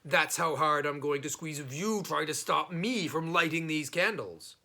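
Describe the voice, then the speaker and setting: A man's voice: on the high side, normal speed, sharp tone, voice pushed up. A man voicing a clever, unflappable folk hero in a storybook reading, cheerful and teasing.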